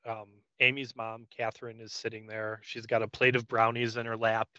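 A man's voice: lowish voice, monotone, moderate pace, pushed and bright, smooth, no echo, dull audio. A man casually recapping a TV episode scene by scene as a podcast co-host, with frequent ums. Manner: frequent "um"s, loose paraphrase of scenes.

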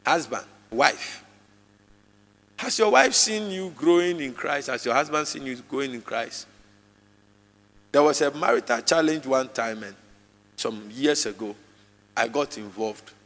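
A man preaching a live sermon to a congregation, emphatic and repetitive, his voice jumping suddenly in pitch and loudness. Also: a little slow, pauses often. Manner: repeats phrases for emphasis. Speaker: pastor. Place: church hall with congregation. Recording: long reverb of a large church hall.

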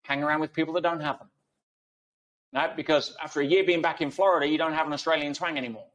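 Emphatic man, higher-pitched, explaining through analogies. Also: fairly even intonation, quick pace, a bit bright. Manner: emphatic, uses analogies and rhetorical questions. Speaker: guest speaker. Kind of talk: conversational interview.

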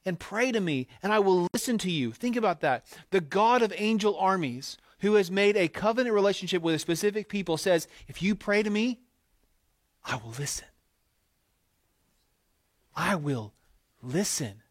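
A pastor preaching a conversational, emphatic sermon, often acting out quotes as asides to the congregation. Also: male voice, high voice, lively intonation, fairly quick, few pauses, no echo, studio quality.

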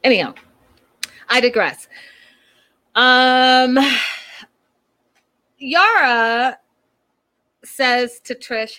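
A woman with a slightly high voice recaps a reality show in casual chat. She talks in a gossipy, animated way, jumping into the cast's lines as she retells each scene. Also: slow pace, long pauses.

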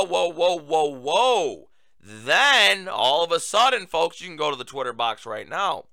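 Male talk-show host, raised pitch, very bright and lively, sarcastic monologue, dry close mic. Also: creaky, dry recording. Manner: sarcastic, animated, addresses listeners as folks. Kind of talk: opinion monologue.

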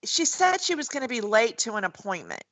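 Blunt chatty woman, bright forceful voice. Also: fairly high pitch, very animated, fairly quick, no room sound, low-quality recording. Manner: blunt, chatty, retells scenes with quoted voices. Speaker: podcast co-host. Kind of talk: casual chat recapping a TV show.

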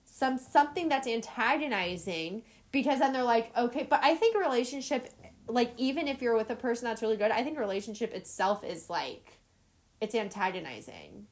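A young woman with a somewhat high voice chats casually as a podcast co-host. She rambles, circling back on her thoughts and peppering nearly every phrase with "like.". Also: animated, brisk. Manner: rambling, heavy use of filler "like". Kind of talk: casual chat.

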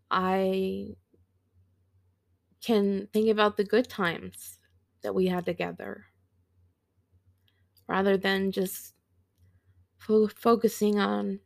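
Slow, creaky-voiced woman telling a sad story. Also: medium pitch, no room sound. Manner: slow, halting and reflective, with pauses and restarts. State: teary. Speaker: podcast host. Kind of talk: personal storytelling.

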